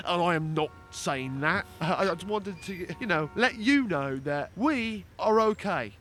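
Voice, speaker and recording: A man's voice: sits high, lively intonation, unhurried, a bit bright, faint music behind. A man voicing an awkward, over-eager police officer in a put-on English accent, stammering and flustered. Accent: attempted English.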